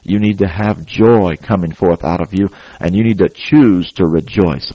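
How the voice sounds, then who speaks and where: A man's voice: low-pitched, moderate pace, few pauses, no room sound, muffled recording. A man preaching a sermon, urging his listeners in an earnest, exhorting way and often adding "praise God.".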